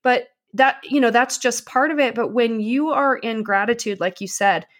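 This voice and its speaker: Energetic, passionate woman with a high voice. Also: moderate pace. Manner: energetic, passionate, self-mocking storyteller. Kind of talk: casual conversation.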